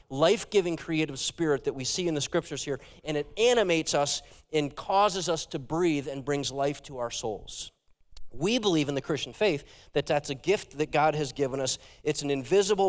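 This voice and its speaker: A man preaching a sermon as a pastor, animated and talking straight to his congregation. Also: mid-range voice. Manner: animated, engages the congregation directly. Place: church sanctuary. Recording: long hall reverb.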